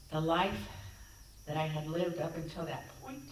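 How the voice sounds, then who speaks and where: Woman guest speaker, lower voice, conversational storyteller, heard from a distance in a very echoey sanctuary. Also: measured pace, slight background noise. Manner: conversational, reenacts dialogue. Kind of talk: personal storytelling talk. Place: church sanctuary. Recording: echoey hall, distant mic.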